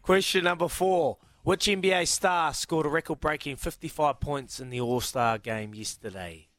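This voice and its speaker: Jokey Kiwi radio host, dry sound. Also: male voice, a little high, fairly bright tone, dry recording. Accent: New Zealand. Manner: jokey, quick to laugh, calls everyone mate. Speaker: radio sports quiz host. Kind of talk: breezy radio banter.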